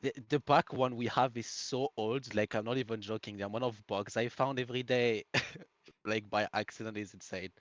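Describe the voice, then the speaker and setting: A man's voice: medium pitch, fairly even intonation, normal speed, no room sound, dull audio. A man with a French accent asking an eager, casual question on a voice call. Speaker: audience member asking a question.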